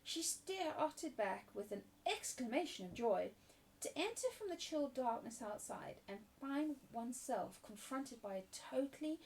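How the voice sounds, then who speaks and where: A woman reading a classic novel aloud in a gentle, measured way, with the odd small restart. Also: a little high, distant mic. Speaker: storybook reader.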